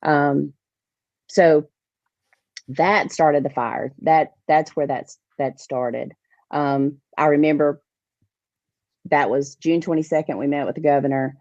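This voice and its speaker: A woman, a podcast guest telling a lively story about organizing fishing tournaments. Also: sits low, slow, long pauses, no echo. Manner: animated storyteller, acts out others' lines. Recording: dull, dry podcast audio.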